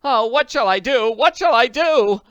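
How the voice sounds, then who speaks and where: A man doing a shrill, frantic older woman. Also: lively intonation, a little slow, a bit bright, clean tone, dry recording, dull audio, heavily acted. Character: excitable, foolish older woman, hysterical guardian.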